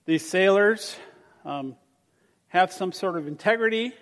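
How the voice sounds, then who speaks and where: A man preaching a sermon as a pastor, animated, swinging between loud emphasis and soft asides. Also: high voice, measured pace. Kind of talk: sermon with scripture reading. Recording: long reverb of a large hall.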